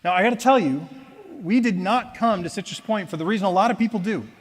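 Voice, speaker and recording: A man giving a personal testimony at church, telling his story in a conversational, self-deprecating way that moves between lively retelling and quiet reflection. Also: high-pitched, fast talker, in a large hall. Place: church auditorium.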